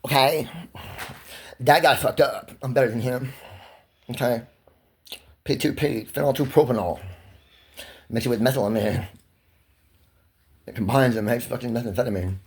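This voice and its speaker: A man in his twenties talking in a rambling, pressured rush, swerving between laughter, near tears and shouting, loud and swearing often. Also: medium pitch, moderate pace, pauses often. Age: 20s. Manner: loud and expressive, heavy swearing. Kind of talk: emotional monologue to camera.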